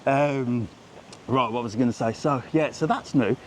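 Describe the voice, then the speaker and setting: A man's voice: mid-range voice, moderate pace, slight background noise. A man hosting a live walking travel vlog on a seaside street, chatty and joking with people he passes, filmed on a handheld phone camera. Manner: chatty, jokey, greets passersby. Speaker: travel vlogger.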